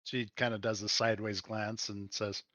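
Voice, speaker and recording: A man's voice: lowish voice, flat delivery, moderate pace, sharp tone, no echo, studio quality. A man narrating a tabletop role-playing game as game master, casual and rambling, often correcting himself mid-sentence. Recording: dull lo-fi sound.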